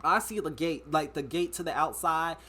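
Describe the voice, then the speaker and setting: A man's voice: fairly high pitch, fairly even intonation, normal speed, sharp tone, slightly rough. A young man vlogging, telling a dramatic story in a casual, slangy way.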